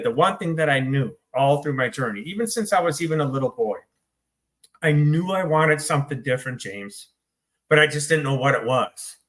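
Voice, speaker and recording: A middle-aged man from the U.S., an author in recovery, is choked up while recounting his recovery in an interview. He's blunt, swears, and pokes fun at himself, in a voice that sits on the high side and sounds a bit bright.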